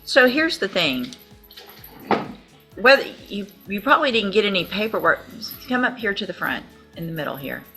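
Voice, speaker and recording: A woman judge presiding in a courtroom, asking brisk, matter-of-fact questions. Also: mid-range voice, big pitch swings, bright, forceful tone, faint music behind. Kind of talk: courtroom proceedings.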